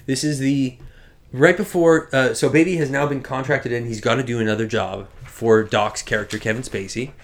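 Brief: male podcast host, mid-pitched voice, rambling chatty film recap with asides. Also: fairly even intonation, moderate pace. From Quebec. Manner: chatty, self-correcting, with many restarts and asides. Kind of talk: casual chat recapping a film.

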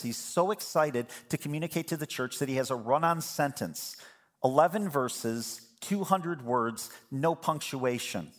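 Man, middle-aged, pastor, sermon, conversational storytelling, emphatic asides, middle pitch.

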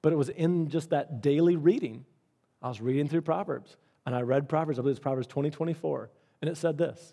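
Earnest higher-voiced pastor preaching. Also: male voice, brisk, vocal fry, dark tone. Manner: earnest, conversational preaching with repeated phrases. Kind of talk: sermon.

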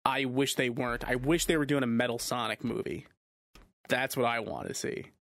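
A man's voice: mid-range voice, fairly even intonation, normal speed, fairly bright tone, no room sound. A man co-hosting a podcast, chatting casually with a wry, dry sense of humor. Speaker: podcast co-host. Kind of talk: casual chat.

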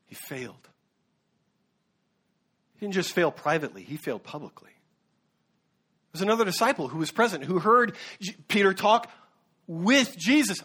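An earnest male pastor preaching a sermon in a slightly higher voice than most men. He speaks with some fillers and self-corrections, pressing his points home. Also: animated, normal speed, long pauses, fairly bright tone, breathy edge.

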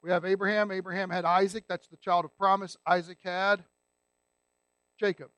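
Male pastor, very high pitch, emphatic sermon delivery with rhetorical questions. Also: level tone, moderate pace, sharp tone, no room sound.

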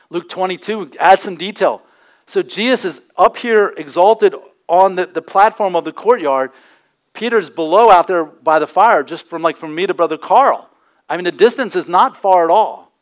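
A male pastor delivers a sermon in a church with a voice that sits a little high. He preaches conversationally, talking to the congregation plainly and slipping into the voices of the people in his story.

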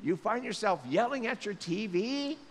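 Animated preacher man in an echoing hall. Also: high voice, normal speed. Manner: animated, acts out voices of people, jokes aside. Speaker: pastor. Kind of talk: sermon. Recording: long reverb, faint hiss.

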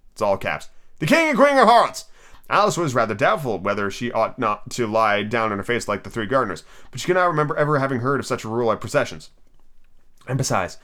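Podcast guy reading a story out loud, bouncy lively delivery, trips over words and starts over. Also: medium pitch. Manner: casual, stumbles and restarts, swears at slips. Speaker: podcast host reading aloud. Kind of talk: casual storybook read-aloud.

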